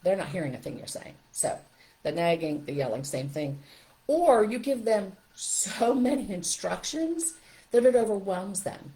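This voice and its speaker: A middle-aged woman giving an emphatic, animated parenting talk on a live stream, speaking straight to parents. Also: mid-range voice, unhurried, rough recording. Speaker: parenting coach.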